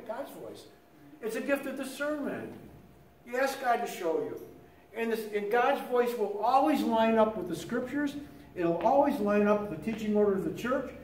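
Older male lay teacher, chatty storyteller full of restarts, higher pitch, faint room hum behind. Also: darkish tone, roomy sound, recorded from a distance, poor audio. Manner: conversational storytelling with many restarts. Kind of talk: teaching talk on prayer.

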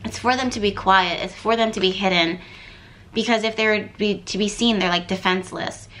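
A woman's voice: mid-range voice, fairly even intonation, a little fast, a bit bright. A woman giving a casual tarot reading to camera, thinking aloud and rambling with lots of fillers and repeated words. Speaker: tarot card reader.

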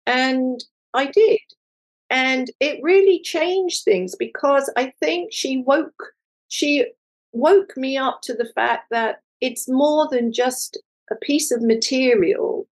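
An older woman, an artist being interviewed, telling a personal story in a lively conversational way and acting out the voices of people she quotes. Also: high-pitched, slow, rough recording. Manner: animated, acts out quoted voices. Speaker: guest, multimedia artist.

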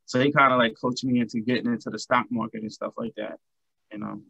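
A middle-aged man from New York City, a guest musician chatting casually and telling animated stories. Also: medium pitch, fast, gravelly, breathy edge, dry recording, lo-fi sound. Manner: chatty, storytelling, animated anecdotes. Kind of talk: casual interview chat.

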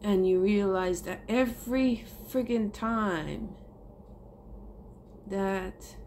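A woman's voice: mid-range voice, drawn-out words, darkish tone, slight background noise. A woman talking earnestly and emotionally to her viewers in a heartfelt monologue, swearing casually. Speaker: spiritual vlogger.

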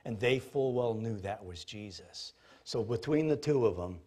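A man, a pastor, preaching a sermon in an animated, jokey storytelling manner. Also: on the low side, normal speed, husky.

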